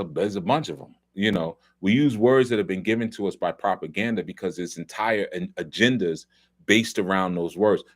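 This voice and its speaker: A middle-aged man from New York, hosting a loose, conversational film commentary talk with many asides. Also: deep voice. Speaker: host.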